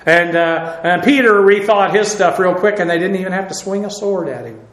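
A man with a high-pitched voice delivers a sermon in a loose, conversational manner, peppered with "uh" and off-hand asides. The room around him is echoey. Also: normal speed, a bit bright. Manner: conversational, folksy, with frequent "uh" and asides. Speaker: preacher.

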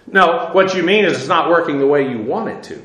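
Conversational Bible teacher, high male voice. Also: expressive, brisk, a bit bright, roomy sound, low-quality recording. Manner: conversational, with fillers and small laughs. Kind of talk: sermon.

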